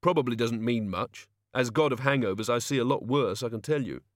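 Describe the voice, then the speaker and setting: A man's voice: mid-range voice, brisk, no echo, clean studio sound, natural voice. A man voicing a queasy, flustered male god of hangovers who gabbles and splutters.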